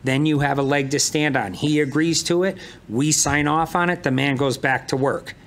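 A man's voice: fairly high pitch, steady tone, moderate pace, fairly bright tone. A man chairing a town commission meeting, speaking firmly and directly. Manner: firm, direct.

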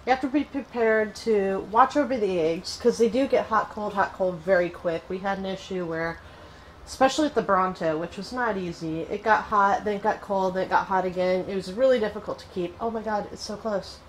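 A woman hosting casual gameplay commentary, chatty and excitable, cooing fondly at her in-game pet. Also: medium pitch, brisk, a little hiss or hum, rough recording. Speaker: gaming channel host.

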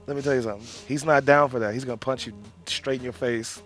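A man's voice: mid-range voice, fairly even intonation, quick pace, soft background music. A man, a pro wrestler guest in a studio, taunting and cutting brash promo-style talk. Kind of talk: trash-talking studio banter.

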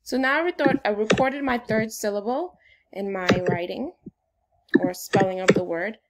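A woman's voice: medium pitch, normal speed, a little hiss or hum. A woman teacher giving a phonics lesson to young children in an upbeat, sing-song way.

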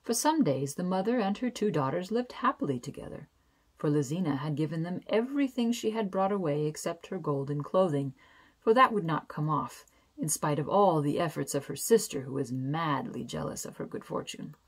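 A woman with a low, husky voice reads a fairy tale aloud as a bedtime story. She is gentle and expressive and slows down on key phrases.

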